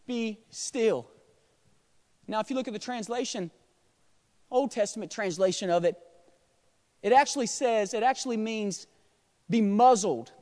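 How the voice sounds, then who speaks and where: A male pastor preaching a sermon in a church sanctuary, swinging from hushed storytelling to loud, shouted exhortation. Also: very high voice. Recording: long hall reverb.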